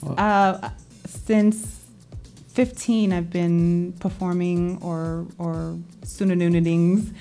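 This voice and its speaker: A woman's voice: lowish voice, little pitch movement, slow pace, warm tone, faint music behind. A woman in her forties from Massachusetts, a spoken word artist and DJ, talking openly and thoughtfully as a guest in a studio interview. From Lawrence, Massachusetts, USA. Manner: thoughtful, open, says "um" and "yes, sir". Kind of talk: casual interview.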